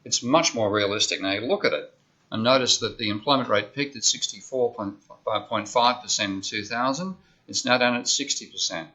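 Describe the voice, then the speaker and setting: A man gives a university economics lecture, explaining things step by step conversationally and checking in with "okay?". His medium-pitched voice sounds pushed and bright at a normal speed, on a dull lo-fi lecture recording.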